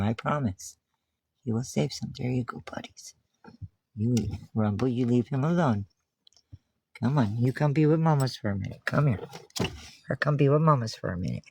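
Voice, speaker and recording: A woman's voice: sits low, darkish tone. Cooing woman baby-talking to her cats. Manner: coaxing, cooing, sing-song praise. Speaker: cat owner filming herself. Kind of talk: baby talk to her cats in a recorded video.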